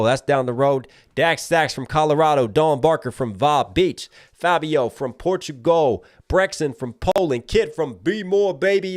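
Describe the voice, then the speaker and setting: A man in his thirties from Maryland, hosting a live stream, rattling off viewer shout-outs at speed before closing with a calm, reflective message to his audience. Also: on the high side, no echo, clean studio sound. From Maryland, USA. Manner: rapid roll-call of viewer names, then slower and reflective. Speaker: livestream host.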